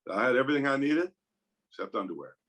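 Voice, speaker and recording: A man's voice: medium pitch, very animated, rapid-fire, a bit bright. A man telling a wry anecdote in casual chat over a video call. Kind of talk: casual storytelling in a group chat.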